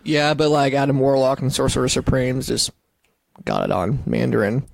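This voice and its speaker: Gravelly-voiced man chatting excitedly. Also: mid-range voice, normal speed, no echo. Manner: enthusiastic, swears casually. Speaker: podcast co-host. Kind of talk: casual chat.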